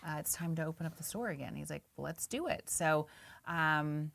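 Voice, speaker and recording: A woman's voice: low voice, level tone, moderate pace, vocal fry, fairly bright tone. A woman in her forties in casual conversation, telling a story and acting out her own past thoughts. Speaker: guest.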